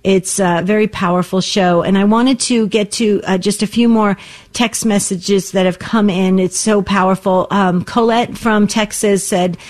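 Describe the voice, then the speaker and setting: A woman's voice: mid-range voice, fairly even intonation. Encouraging woman radio host. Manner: warm, encouraging, quick-talking. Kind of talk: talk radio hosting.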